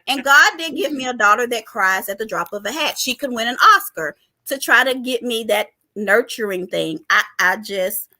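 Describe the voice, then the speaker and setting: Woman host, casual chat, bright and slightly high voice, chatty. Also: animated, moderate pace, few pauses. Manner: chatty, addresses listeners as y'all. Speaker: podcast host.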